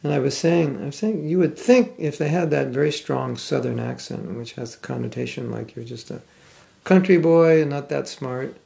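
An older American man with a General American accent giving a scripture class, speaking thoughtfully with some halting restarts and reading passages aloud. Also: mid-range voice, gravelly, mellow. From United States. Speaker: spiritual teacher. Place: class room.

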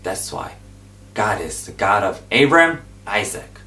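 A man preaching an informal sermon, repeating his points and exhorting his listeners, swinging between loud emphatic bursts and hushed whispers. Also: low voice, expressive, measured pace, gravelly. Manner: repetitive, exhorting, drops into asides. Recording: echoey room, voice from a distance.

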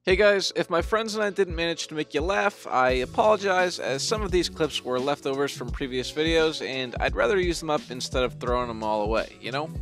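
A man's voice: on the high side, a bit bright. A young man hosting a gaming channel, chatting casually and signing off the video in a friendly way. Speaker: channel host. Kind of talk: casual gaming chat and outro.

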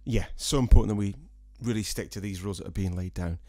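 A singer-songwriter from Scotland, his Scottish accent softened by years in England, rambling to viewers in a casual vlog with dry, self-mocking jokes. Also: lowish voice, fast talker, dry recording. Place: small room at home, with a fan.

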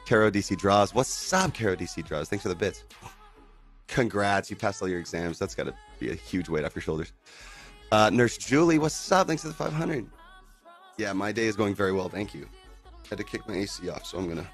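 A man on a relaxed livestream from home, greeting his viewers in an easygoing, upbeat way. His voice sits fairly low. Faint music plays behind him. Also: fairly quick. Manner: laid-back and upbeat, full of "dude" and "man". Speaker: livestreamer and band singer. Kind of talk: casual livestream chat with viewers. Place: at home indoors.

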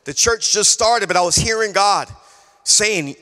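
A male pastor preaching a sermon, telling a personal story in an animated way, acting out conversations and repeating key phrases. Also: high-pitched, measured pace, in a large hall. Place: church sanctuary.

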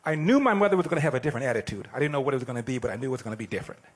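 A man in his sixties giving an animated, plain-spoken storytelling speech. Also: medium pitch, rapid-fire, slightly rough. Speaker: speaker at an event.

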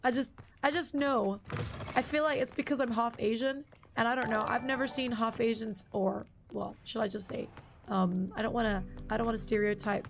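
A young woman chats casually on a live game stream, greeting viewers and reading their messages aloud. Her fairly high voice is partly lost and slightly strained today, though she keeps talking freely. Faint noise sits behind her. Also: fairly even intonation, normal speed, gravelly. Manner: chatty, reads out and greets chat viewers.

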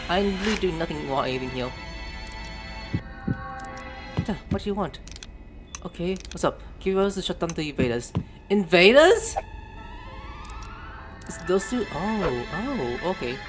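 A man's voice: sits high, sing-song, moderate pace, pauses often. A man giving casual let's-play commentary, reading on-screen text aloud, spelling out words letter by letter, and swearing when surprised. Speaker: gameplay streamer. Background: game music.

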